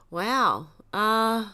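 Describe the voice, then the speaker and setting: A woman's voice: medium pitch, bright, forceful tone, clear, resonant tone. A woman hosting a casual livestream, reading chat comments aloud and laughing often. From Australia.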